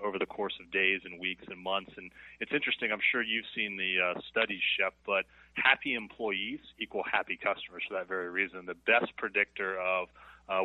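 A man with a lowish voice talks quickly and earnestly as a guest, laying out his ideas point by point. He is heard over a thin, phone-like line that sounds dry. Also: dry recording. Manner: fast, earnest explainer. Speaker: company guest. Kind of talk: casual interview chat.

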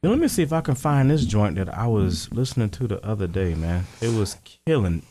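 Give me a laid-back low-voiced man. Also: big pitch swings, mellow. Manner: laid-back, slangy, drawn-out reactions. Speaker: podcast co-host. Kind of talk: casual chat.

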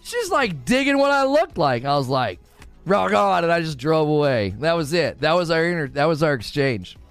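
Animated man in his forties, lively pitch. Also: fairly quick, clean tone, soft background music. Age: 40s. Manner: animated, laughing storyteller. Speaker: livestreamer. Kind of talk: casual livestream chat with viewers.

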